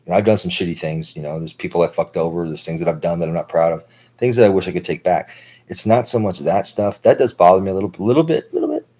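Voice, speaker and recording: A man's voice: low-pitched, steady tone, fast talker, dark tone, poor audio. A man in his thirties talking through a long, profane, rambling monologue for his stream, full of filler words. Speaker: livestream host.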